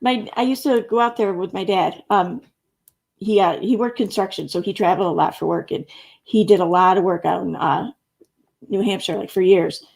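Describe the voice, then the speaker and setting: A middle-aged woman speaks as she hosts a relaxed live stream. She reads viewer comments aloud and chats about them, laughing often. Her voice has a gravelly fry at a middling pitch. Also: normal speed. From Central New York. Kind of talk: casual live stream chat reading comments.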